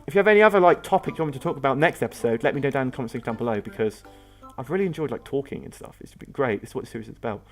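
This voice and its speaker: A man's voice: medium pitch, expressive, racing, soft background music. Chatty young man narrating gameplay. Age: young adult. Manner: rambling chatty storytelling, many fillers. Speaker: gaming video host. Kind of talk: casual let's-play commentary.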